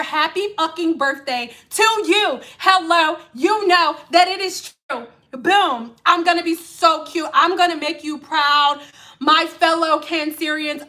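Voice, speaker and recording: A high, bright-voiced woman, chatting on a livestream. She slips in and out of sing-song phrasing, then drops to soft murmurs as she reads out comments. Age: 30s. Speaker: livestream host. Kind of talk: casual livestream chat reading comments.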